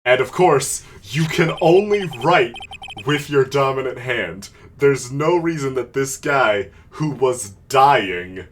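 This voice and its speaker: A man's voice: mid-range voice, animated, takes it slowly. A man streaming a game, chatting casually and explaining things at length with jokes. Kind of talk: casual chat and reading game dialogue.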